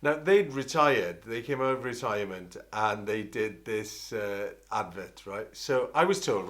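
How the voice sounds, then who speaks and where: A middle-aged Welsh man, an opera singer, telling an animated, rambling story and often interrupting himself. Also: medium pitch, measured pace. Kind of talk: anecdotal storytelling.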